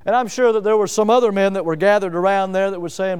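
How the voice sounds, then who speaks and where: A man preaching a sermon in a high, ringing voice with a smooth, resonant tone. He presses his listeners with repeated rhetorical questions and leans hard on key words as he builds. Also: fast, hardly any pauses. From Northwest Florida. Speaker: pastor.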